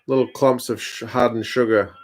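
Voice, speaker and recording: Brief: New man in his thirties, laid-back live-stream host, mid-pitched voice, chatty, replies to viewer comments. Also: moderate pace. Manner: relaxed, chatty, reads and answers viewer comments. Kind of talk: casual live-stream chat over a rugby match.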